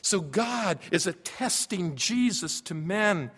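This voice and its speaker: A man preaching a sermon as pastor, emphatic, dropping to a hush and then rising loud. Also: sits high, expressive, slow pace, husky. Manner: emphatic, swings from hushed to loud. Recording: long reverb of a large hall.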